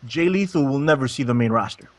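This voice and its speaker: A man's voice: medium pitch, expressive, fast talker, no echo. A man on a casual wrestling panel, blunt and teasing as he makes firm predictions.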